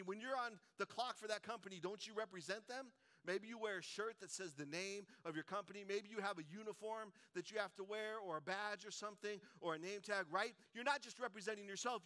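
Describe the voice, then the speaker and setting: A man's voice: high voice, bright, forceful tone. A middle-aged man preaching a sermon, telling stories and tossing in rhetorical "right?" asides. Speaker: pastor.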